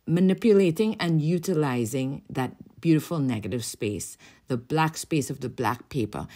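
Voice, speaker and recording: A woman talking casually through her art journal process, explaining it in a relaxed way with frequent "um" and "like". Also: deep voice. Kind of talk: casual art tutorial narration.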